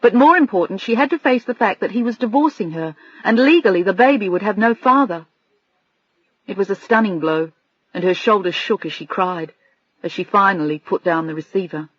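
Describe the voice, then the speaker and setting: A woman reading a novel aloud as an audiobook narrator, measured and even in her storytelling. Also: mid-range voice, no echo. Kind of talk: scripted narration. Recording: dry, slightly dull studio recording.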